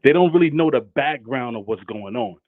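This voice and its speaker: A male caller chimes in on a tinny, dry phone line. He rambles in a relaxed way, full of fillers. His pitch moves lively up and down. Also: a little fast, gravelly, no room sound. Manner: laid-back, rambling, with frequent fillers. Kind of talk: casual call-in chat.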